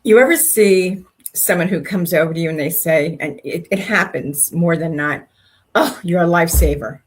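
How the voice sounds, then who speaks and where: Husky-voiced older woman telling stories. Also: on the low side, moderate pace. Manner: animated storyteller, acts out quoted speech. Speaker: co-host. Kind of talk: faith-based casual chat.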